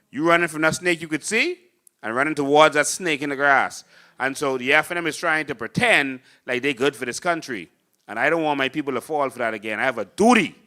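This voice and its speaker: A Bahamian man drives a political talk show with fiery, preachy conviction, speaking in a forceful, bright voice that sits a little high for a man. He talks straight to a studio audience. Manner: impassioned, preachy, acts out voters in mocking voices. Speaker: political host and party leader.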